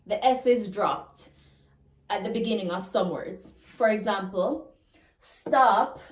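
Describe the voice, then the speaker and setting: A woman with a Jamaican accent teaching a language lesson, slowly repeating example words. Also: a little high. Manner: slow and deliberate, repeats example words, laughs now and then. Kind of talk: lesson explaining pronunciation rules. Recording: echoey room.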